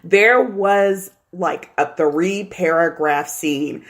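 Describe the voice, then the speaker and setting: A woman co-hosting a podcast in casual chat, animated and laughing often as she acts out quotes. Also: on the low side, very slow. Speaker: podcast co-host.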